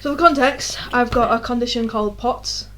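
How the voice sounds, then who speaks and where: Young woman, podcast co-host, casual chat, animated and sweary, a touch higher than average. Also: moderate pace. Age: young adult.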